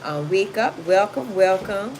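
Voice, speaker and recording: A woman's voice: mid-range voice, animated, measured pace, darkish tone. Sassy woman chatting on a noisy livestream. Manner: chatty, sassy, gives blunt advice, reads comments aloud. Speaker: livestream host reading chat. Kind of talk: casual livestream chat. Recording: noisy home recording.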